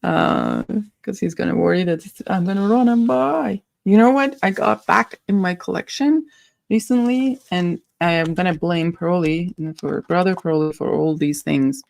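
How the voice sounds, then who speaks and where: A woman's voice: lowish voice, animated, moderate pace, vocal fry, darkish tone, no echo. A woman hosting a casual perfume livestream, playful and a bit silly, giggling as she chats with viewers and muses over scents. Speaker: livestream host reviewing perfumes.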